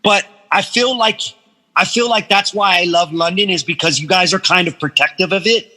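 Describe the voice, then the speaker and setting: A man from Guam, a podcast guest, telling animated stories in casual chat, swearing freely and acting out the voices of people he quotes. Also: high-pitched, moderate pace, long reverb tail, rough recording.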